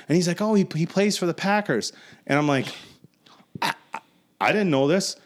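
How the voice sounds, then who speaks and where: A man in his forties on a casual podcast telling a profane, animated story. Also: a little high, normal speed. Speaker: podcast host.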